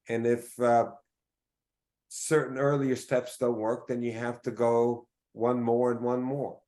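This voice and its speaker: A middle-aged man giving a formal press conference statement, measured and deliberate, pausing often on fillers. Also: mid-range voice, a little mellow.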